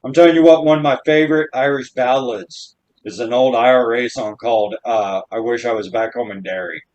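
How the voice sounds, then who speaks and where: Ozarks-raised young male co-host, easygoing, rambling and profane, mid pitch. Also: brisk, a little mellow, dull audio. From Ozarks, United States. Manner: laid-back, rambling, profane. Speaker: podcast co-host. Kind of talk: casual chat.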